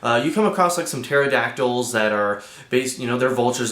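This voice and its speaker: Young guy rambling through a movie review, mid pitch, lots of likes and uhs, echoey room. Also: fairly quick, fairly bright tone. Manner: chatty, loose, many fillers. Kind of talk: casual spoken review.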